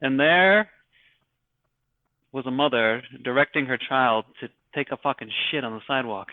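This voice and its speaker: A man's voice: mid-range voice, no echo. Man on a tinny, dry call line. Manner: halting, many restarts, crude swearing. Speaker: podcast guest. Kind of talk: casual podcast chat. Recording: dry, phone-like call audio.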